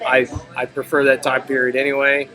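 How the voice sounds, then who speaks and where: A man co-hosting a casual film review chat, animated and laughing, swearing freely. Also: mid-range voice, a little fast, a crowd in the background, rough recording. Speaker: podcast co-host reviewing films.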